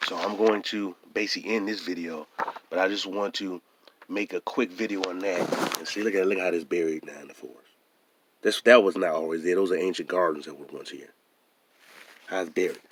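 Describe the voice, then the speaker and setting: A man with a hoarse voice, talking emphatically and repeating himself in a casual vlog monologue. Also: low voice, fairly quick, noisy background. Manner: emphatic and repetitive, often restarting phrases. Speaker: vlogger.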